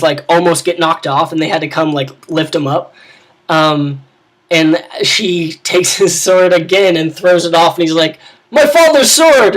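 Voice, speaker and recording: A man's voice: fairly high pitch, a bit bright. A man talking casually as a game master about running tabletop games, rambling with many restarts and asides.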